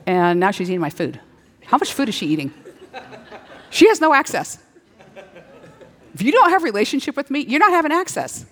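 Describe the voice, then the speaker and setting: A middle-aged woman preaching a sermon, playful and animated, slipping into little acted-out dialogues. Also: on the high side, fairly quick, pauses often. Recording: long hall reverb.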